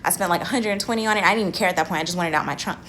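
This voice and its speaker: A young woman vlogging from her car, telling a dramatic story in a casual, animated way and swearing freely. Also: fairly low pitch, very fast, slight background noise.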